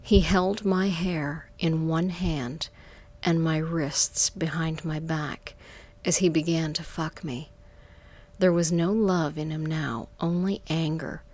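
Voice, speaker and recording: A woman narrating a first-person erotic story in a soft, half-whispered, drawn-out delivery, close to the mic. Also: low-pitched, fairly even intonation.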